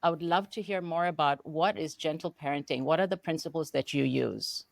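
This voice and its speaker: A woman's voice: low voice, brisk, vocal fry, dry recording. An older woman hosting an interview podcast, welcoming her guests formally and asking questions. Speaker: podcast host. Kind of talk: hosted interview.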